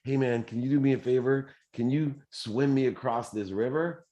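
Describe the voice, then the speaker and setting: A man putting on a smooth-talking fable scorpion. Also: medium pitch, moderate pace, warm tone, pitched above the performer's own voice, natural voice. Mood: coaxing. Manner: casual, slangy, persuasive. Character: pleading, breezy male scorpion in a fable.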